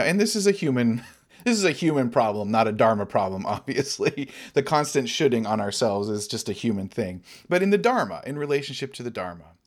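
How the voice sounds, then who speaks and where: Relaxed man giving a Dharma talk. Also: medium pitch. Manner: relaxed, conversational, laughs often. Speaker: Dharma teacher.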